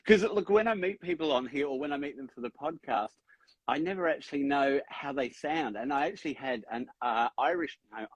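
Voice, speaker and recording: A man's voice: medium pitch, expressive, fairly quick, husky. A man hosting a casual podcast interview, talking in a rambling way and often correcting himself. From Australia. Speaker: podcast host.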